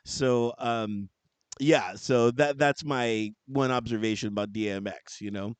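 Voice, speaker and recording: A man's voice: medium pitch, unhurried, smooth, no echo. A man co-hosting a podcast, chatting in a jokey way, laughing often and repeating "you know what I mean". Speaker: podcast co-host. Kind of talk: casual chat.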